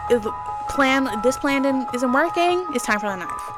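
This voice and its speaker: A woman's voice: high voice, expressive, normal speed, over loud music. A woman gaming YouTuber reading a horror game aloud and reacting to it anxiously, talking to herself as she plays.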